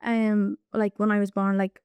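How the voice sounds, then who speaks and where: A woman's voice: medium pitch, little pitch movement, moderate pace, a little mellow, smooth, no echo. A young woman, chatting loosely about her work and plans and leaning on lots of "like". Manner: chatty, loose storytelling full of "like". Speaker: interviewee, staff member. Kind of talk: casual conversation.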